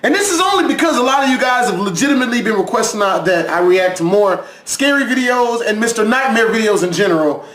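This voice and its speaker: Jumpy, profane high-voiced man. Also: expressive, fast talker, few pauses, fairly bright tone. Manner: jumpy, profane, laughs often. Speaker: YouTube reaction host. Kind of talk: casual reaction commentary.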